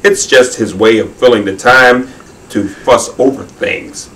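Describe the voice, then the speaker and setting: A man voicing a kindly, soft-hearted male wombat from a storybook, gentle and soothing in his speech, heard from a distance. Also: medium pitch, unhurried, a little hiss or hum, natural voice.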